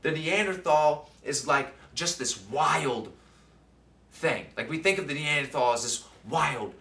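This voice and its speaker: A man's voice: a little high, unhurried, sharp tone. A man talking casually into the camera about his day, using lots of fillers and asking "right?" as he goes. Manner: conversational, with many fillers and tag questions. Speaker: vlogger. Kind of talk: casual reflective monologue. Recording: roomy sound, mic at a distance.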